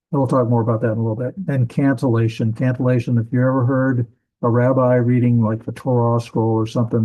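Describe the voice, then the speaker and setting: Mellow-voiced man teaching a hesitant lecture. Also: mid-range voice, low-quality recording. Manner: explanatory, hesitant with many fillers and restarts. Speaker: Bible language teacher. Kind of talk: classroom lecture.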